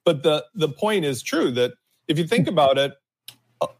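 Husky-voiced man making emphatic points. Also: on the high side, lively intonation, moderate pace. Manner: opinionated, emphatic, drags out key words. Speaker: podcast co-host. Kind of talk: casual panel discussion.

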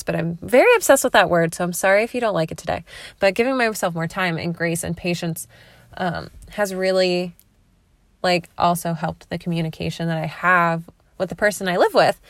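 A woman's voice: lowish voice, no echo. Chatty woman rambling from her car. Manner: rambling, chatty, laughs often. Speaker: podcast host. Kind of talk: casual solo podcast chat. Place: parked car.

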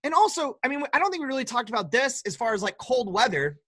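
A man's voice: very high voice, sing-song, quick pace, bright, forceful tone, no room sound, studio quality. A young man from the American Midwest, co-hosting a podcast in casual, teasing banter full of swearing. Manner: joking, profane, teasing. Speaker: podcast co-host.

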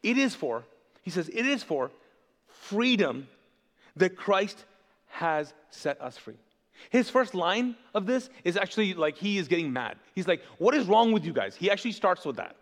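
A high-pitched man preaches a fervent sermon to his congregation. He stops again and again to have them call out the next word. His voice rings through a reverberant church hall. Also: very animated, a little slow, a bit bright. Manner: impassioned, asks the congregation to fill in words. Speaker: pastor. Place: church sanctuary.

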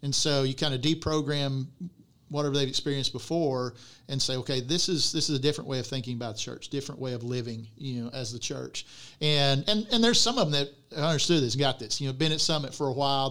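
A man's voice: medium pitch, fast, fairly bright tone. Male church planter for a podcast chat: clean, resonant voice, explains at length in run-on points. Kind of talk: casual podcast conversation.

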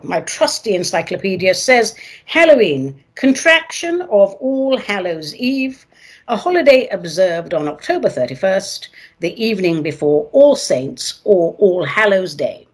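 A woman hosting her own radio show, talking in a playful, dramatic way with sing-song emphasis and a husky voice; she moved to America from elsewhere. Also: medium pitch. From not from America, moved there. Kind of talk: theatrical solo radio talk.

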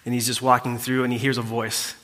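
A man's voice: medium pitch, little pitch movement, fairly quick, a bit bright. A man preaching to a congregation in a church hall, telling a story in a casual, conversational way with fillers and asides to the listeners. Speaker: pastor. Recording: reverberant hall.

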